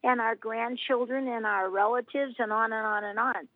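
A woman's voice: on the high side, fairly even intonation, normal speed, dry recording, phone-quality sound. A woman in her eighties from Missouri, telling her faith testimony as an interview guest in an earnest storytelling way. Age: 80s. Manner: earnest storyteller, acts out quoted voices.

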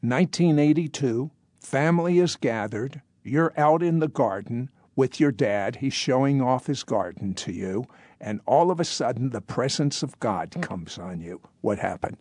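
A man's voice: mid-range voice, lively intonation, measured pace, darkish tone, no echo. A man interviewing a guest, setting up each moment of the story before asking his question.

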